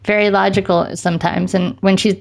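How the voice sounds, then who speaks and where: A woman in her forties, a mother, chatting casually and telling stories in a quick, amused way. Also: medium pitch, creaky. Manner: animated storyteller, quick and amused. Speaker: mother of a daughter and a son. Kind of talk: casual conversation.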